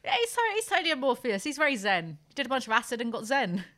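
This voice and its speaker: A woman's voice: on the high side, big pitch swings, racing, fairly bright tone. A woman hosting a podcast in brash, joking chat, swearing freely as she banters. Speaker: podcast host.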